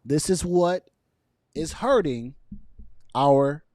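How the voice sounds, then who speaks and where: A man's voice: fairly high pitch, expressive, extremely slow, darkish tone, no room sound, studio quality. A man giving casual opinion commentary to camera, emphatic and repetitive, with chuckles between his points. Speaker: video commentator.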